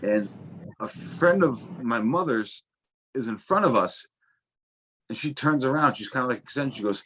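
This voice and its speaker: A man's voice: mid-range voice, animated, normal speed, long pauses, a bit bright, slightly rough. A young adult man telling casual stories as a guest, swearing freely and stumbling through restarts. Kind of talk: casual storytelling.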